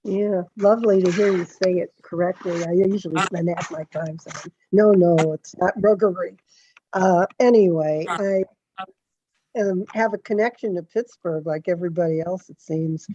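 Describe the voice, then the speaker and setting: A woman's voice: on the low side, fairly even intonation, dark tone, a little hiss or hum. A woman poet reading her poem aloud over a video call, chatting unhurriedly before she begins. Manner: unhurried, conversational between poems. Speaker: poet reading at a literary event. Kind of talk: poetry reading. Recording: dull, dry video call audio.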